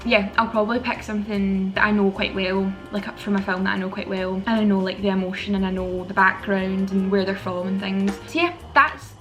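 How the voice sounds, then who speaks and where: A woman's voice: mid-range voice, a bit bright, rough recording. Chatty Glaswegian woman vlogging. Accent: Scottish, Glasgow. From Scotland. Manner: chatty and giggly, talking straight to camera. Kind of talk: casual vlog chat.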